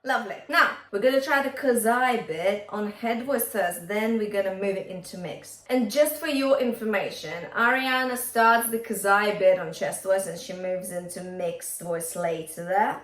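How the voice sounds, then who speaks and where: A woman's voice: mid-range voice, moderate pace, few pauses, fairly bright tone. Upbeat woman vocal coach, roomy sound. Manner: upbeat, encouraging, checks in with "okay?". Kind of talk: singing lesson to camera.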